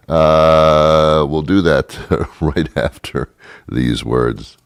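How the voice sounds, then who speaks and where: A man's voice: extremely low pitch, takes it slowly. A middle-aged man hosting a talk show, delivering a sardonic comedic monologue and then interviewing a guest. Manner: sardonic, acts out both sides of imagined dialogues.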